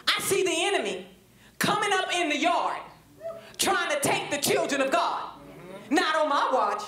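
High-voiced woman preaching in an echoey church room. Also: lively intonation, moderate pace, a bit bright. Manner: call-and-response with the congregation, rising into fervent preaching. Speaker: Bible study teacher. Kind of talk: sermon-style Bible teaching.

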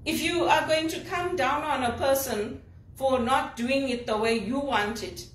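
Woman from Zimbabwe, executive assistant, venting emphatically; slightly high voice, picked up from across a room. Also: a little slow. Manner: indignant, emphatic complaining. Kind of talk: personal vlog monologue. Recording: roomy, distant from the mic.

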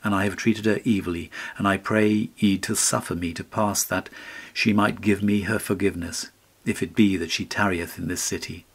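Man voicing a sorrowful pleading boy, lowish voice, storybook reading. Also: steady tone, moderate pace, breathy edge. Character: ragged remorseful boy, weeping seeker.

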